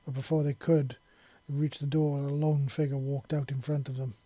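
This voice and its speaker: A man narrating a science fiction story in a steady, even reading style. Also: medium pitch, moderate pace, dry recording. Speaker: audiobook reader.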